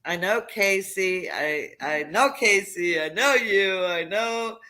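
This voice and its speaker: A woman guest on a casual live chat, enthusiastic and quick to agree. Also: mid-range voice, pushed and bright.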